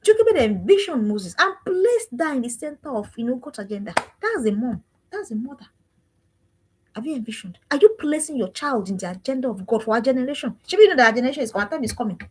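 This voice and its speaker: A woman's voice: a little high, big pitch swings, fast, slightly rough. A woman giving an emphatic, preachy parenting talk with lots of repetition. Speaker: parenting coach.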